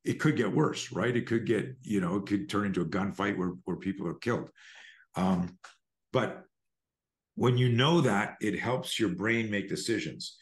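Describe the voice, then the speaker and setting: A middle-aged man with a lowish voice, talking as a podcast guest over a remote call. He explains self-defense ideas in a lively, profane way. He jumps into acted-out scenes as he goes. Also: normal speed. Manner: animated and profane, acts out scenarios. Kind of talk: conversational podcast interview.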